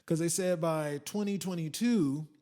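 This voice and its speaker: Man, casual solo podcast rant, profane, rambling, higher-pitched voice. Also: unhurried, dark tone. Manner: loose, profane and rambling, with mocking quoted voices. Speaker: podcast host.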